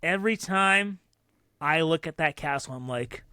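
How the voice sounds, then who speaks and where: A man co-hosting a podcast, telling animated stories in casual chat and acting out the people he quotes. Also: on the high side, moderate pace, clear, resonant tone, no echo, clean studio sound. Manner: animated storyteller who acts out loud quoted voices. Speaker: podcast co-host.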